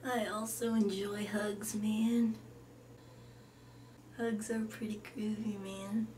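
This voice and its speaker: A woman's voice: medium pitch, level tone, takes it slowly, mellow, far from the mic, slight background noise, voice pushed down, lightly acted. A woman voicing a dreamy, laid-back hippie who ends lines with man. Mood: mellow.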